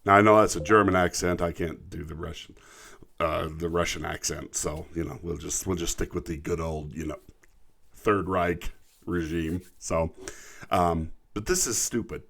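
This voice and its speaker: Deep-voiced indignant American trucker ranting. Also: male voice, steady tone, moderate pace, vocal fry, fairly bright tone. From United States. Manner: indignant, emphatic, repeats words when worked up. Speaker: truck driver vlogger. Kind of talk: ranting commentary.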